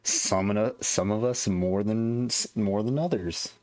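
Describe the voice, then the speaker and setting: A man with a very low voice co-hosts a casual gaming podcast. He talks slowly and unhurriedly, stopping and restarting often and leaning on fillers. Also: a little mellow. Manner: laid-back, halting with fillers and restarts. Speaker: podcast co-host.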